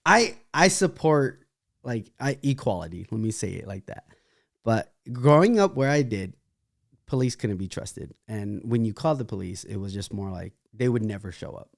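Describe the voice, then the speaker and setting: A young man from California talks through his past in a relaxed interview, animated and quick to laugh at himself. His voice sits a little low, recorded dry and close with no room sound. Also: creaky, no echo. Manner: animated storyteller with laughing asides and restarts. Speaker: interview guest, dancer. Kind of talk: casual interview storytelling.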